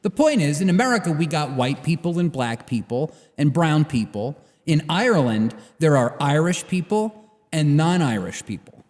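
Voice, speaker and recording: A man's voice: a little high, big pitch swings, moderate pace, a little mellow, in a large hall. A man co-hosting a political talk show, arguing emphatically and repeating his points. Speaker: podcast co-host. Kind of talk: casual political debate.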